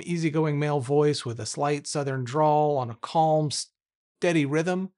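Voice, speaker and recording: A man recording a casual screen commentary as a tech YouTuber, enthusiastic and thinking aloud as he tests software. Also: fairly high pitch. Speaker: tech YouTuber testing AI coding tools.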